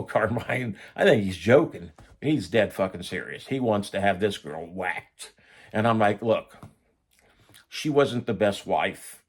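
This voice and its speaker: Man, middle-aged, storytelling, profane, lower voice, animated quoting. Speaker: storyteller recounting prison life. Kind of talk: casual first-person storytelling.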